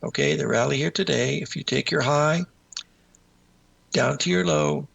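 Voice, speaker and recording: Older male market host, heavy vocal fry, folksy and meandering delivery. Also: on the high side, normal speed, fairly bright tone, dull audio. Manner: folksy and rambling, addresses viewers as folks. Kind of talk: casual chart commentary with a told joke.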